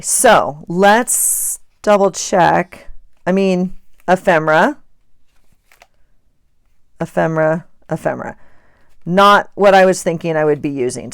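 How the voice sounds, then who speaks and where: A woman's voice: on the low side, animated, normal speed, no room sound, clean studio sound. A middle-aged woman chatting casually and rambling with self-amusement while she works on her journal pages. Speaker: journaling vlogger. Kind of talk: casual chat while crafting.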